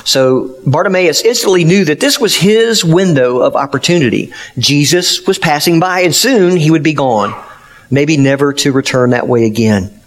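Man pastor, sermon, earnest emphatic storyteller, slightly high voice. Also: moderate pace.

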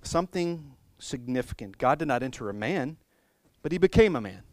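A man's voice: medium pitch, animated, normal speed, dry recording. A male pastor preaching a sermon in a conversational, humorous and musing way.

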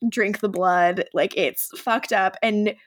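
A young woman co-hosting a podcast, recapping a TV episode in an animated, casual way that is full of "like". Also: mid-range voice, slow. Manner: animated storytelling, acts out quoted lines, frequent "like". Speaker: podcast co-host.

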